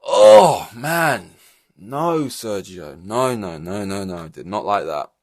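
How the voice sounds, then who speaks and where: A man's voice: low voice, big pitch swings, unhurried. Exasperated rambling man. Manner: exasperated, rambling, many fillers and restarts. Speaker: podcast host. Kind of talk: solo podcast rant.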